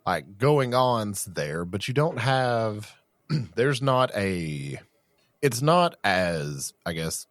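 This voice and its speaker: A man co-hosts a podcast, speaking bluntly and casually and swearing now and then. His voice sits very low. The sound is dry and close, with no room echo. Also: sing-song, drawn-out words, a bit bright. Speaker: podcast co-host. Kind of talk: casual chat.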